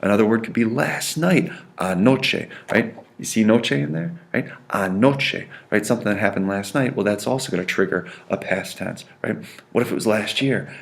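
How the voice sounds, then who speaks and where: A man's voice: lowish voice, normal speed, creaky. A man, a Spanish teacher, giving a classroom grammar lesson. He stresses and repeats key sounds and keeps checking in with "right?" and "okay?".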